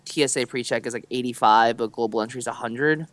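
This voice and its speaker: A man's voice: medium pitch, fast talker, fairly bright tone, no room sound. Young man rambling on a podcast. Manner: loose, rambling storytelling with many fillers. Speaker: podcast co-host. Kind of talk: casual chat.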